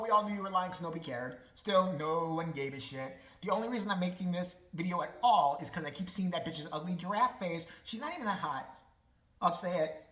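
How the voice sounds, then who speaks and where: A woman's voice: fairly low pitch, animated, normal speed, fairly bright tone, roomy sound, rough recording. A woman vlogger giving a profane, sarcastic ranting commentary full of mockery.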